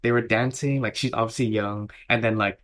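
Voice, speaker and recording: Man, a bit low-pitched, lively chatty wedding filmmaker co-hosting a podcast. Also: brisk. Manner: animated storytelling, filler-heavy. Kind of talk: casual podcast chat.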